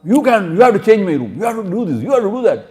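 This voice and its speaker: A man's voice: high-pitched, big pitch swings, fast, darkish tone, voice pushed up. A man imitating a demanding, impatient course guest who complains.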